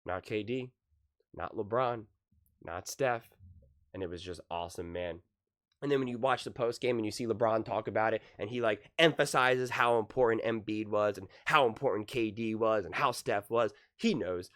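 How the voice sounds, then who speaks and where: A man giving casual, excitable basketball commentary, emphatic and repeating himself, his voice sore from screaming. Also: fairly low pitch, moderate pace.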